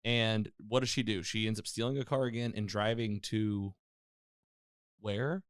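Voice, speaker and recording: This podcast host's voice sits on the low side, smooth and unhurried, as he walks through a TV episode in a relaxed recap. He animatedly acts out what the characters say, captured in a dry, studio-quality recording.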